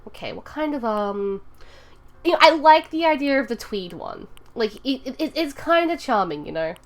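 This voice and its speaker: A woman on a live stream chats casually with her viewers in a slightly high voice. She rambles and giggles as she thinks aloud while building in a game. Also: sing-song, moderate pace. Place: home room.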